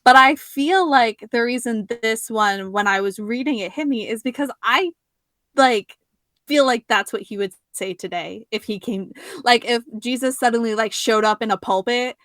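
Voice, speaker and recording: A woman hosting a podcast in relaxed, casual talk. She fills her sentences with "like" and keeps up steady murmurs of agreement. The sound is close and dry. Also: on the high side, moderate pace, dry recording. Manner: casual, many "like" fillers, frequent listening murmurs. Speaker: podcast host. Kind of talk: podcast conversation.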